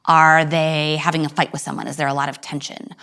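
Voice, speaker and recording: A woman teaching an acting lesson to viewers at home, acting out each voice as she explains it and leaping suddenly high or low. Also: level tone, brisk, bright, forceful tone.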